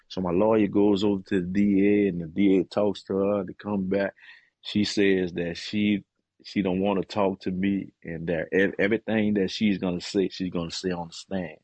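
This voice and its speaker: A middle-aged man, a guest and author, giving an earnest and emotional personal testimony, often pausing with "man" and hesitating as he talks. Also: low voice, fairly even intonation, a little mellow, dry recording.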